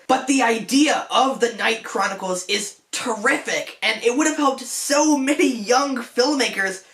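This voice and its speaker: A young man's high, gravelly, fairly bright voice carries a comedic film commentary vlog where he plays a detective. He wanders off track, mocks himself, jokes on the side and keeps restarting, recorded in an echoey space.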